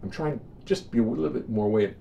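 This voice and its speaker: A man, a singer and bassist, chatting with online viewers between songs in a relaxed, joking way from his home studio. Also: fast talker, vocal fry, lo-fi sound, a little hiss or hum. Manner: wry, joking asides. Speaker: singer and bassist hosting a livestream.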